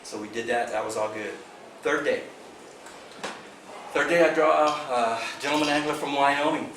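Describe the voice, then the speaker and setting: A man casually telling a fishing tournament story to a club meeting, animated and laughing as he acts out the dialogue. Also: mid-range voice, moderate pace. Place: meeting room. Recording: echoey room from far off, background noise.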